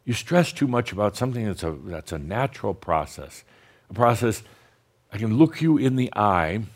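A man giving a channeled spiritual talk to an audience, blunt and teasing, slowing down to guide deep breaths. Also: big pitch swings. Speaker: spiritual teacher channeling a master.

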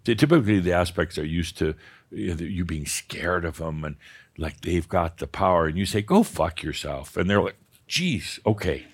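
Male spiritual teacher, lower voice, live workshop, blunt and profane, laughs often. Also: normal speed, husky. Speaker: spiritual teacher leading a session. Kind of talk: live workshop talk with audience.

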